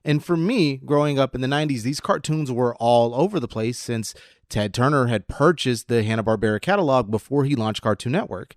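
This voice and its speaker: A man's voice: medium pitch, dry recording, studio quality. A man in his thirties hosting a commentary video, casual and a bit sardonic, slipping into a radio voice when reading his script. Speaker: host.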